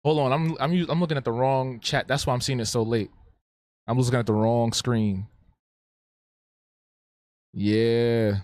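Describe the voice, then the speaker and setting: A man's voice: medium pitch, steady tone, a little slow, long pauses, a little mellow, dry recording, clean studio sound. Playful man chatting on a live stream. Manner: playful, talks back to the chat, repeats himself. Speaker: streamer and artist. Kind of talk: casual live-stream chat.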